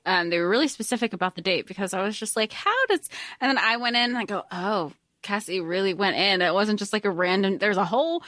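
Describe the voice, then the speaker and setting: A woman's voice: mid-range voice, racing, few pauses, a bit bright, no echo, clean studio sound. A woman co-hosting a podcast, talking animatedly and swearing casually as she discusses a book. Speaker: podcast co-host.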